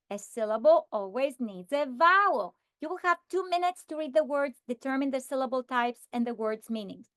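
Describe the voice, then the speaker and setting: Woman teacher trainer, fairly high voice, slow deliberate sounding-out, dry close sound. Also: a bit bright, no echo. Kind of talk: modeling a phonics lesson for teachers.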